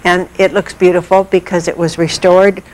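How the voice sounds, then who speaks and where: Measured lower-voiced woman explaining art. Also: little pitch movement, poor audio. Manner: measured, thoughtful, with pauses and fillers. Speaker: art historian guest. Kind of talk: explaining in an interview.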